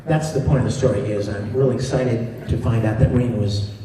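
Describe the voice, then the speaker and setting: A man, a voice actor, telling stories at a convention panel in a big hall, animated and laughing as he talks. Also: medium pitch, a little fast, noisy background. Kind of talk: convention Q&A storytelling. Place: large convention hall with audience. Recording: distant fan recording in echoey hall. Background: crowd laughing.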